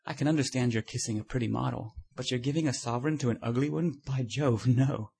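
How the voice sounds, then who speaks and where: A man's voice: mid-range voice, fast talker, gravelly, warm tone, breathy edge. Man voicing a breezy, teasing society painter. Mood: amused. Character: witty male society painter, amused.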